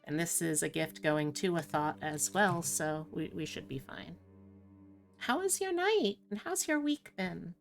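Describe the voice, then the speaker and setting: A woman hosting a live stream, chatting casually with her audience in a low-key, rambling, self-deprecating way. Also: normal speed, creaky, hardly any pauses, faint music behind. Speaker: streamer host.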